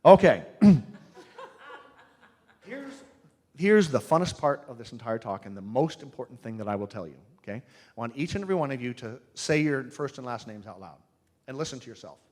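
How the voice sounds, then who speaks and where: A man teaching singing to a live audience in a humorous, animated way, demonstrating sounds with his own voice. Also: medium pitch, fairly quick. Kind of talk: live workshop talk.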